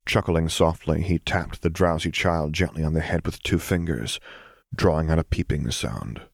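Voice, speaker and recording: Male reader, deep voice, calm storytelling, dry recording. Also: normal speed, creaky, no room sound. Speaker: audiobook reader. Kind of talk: fan fiction audiobook narration.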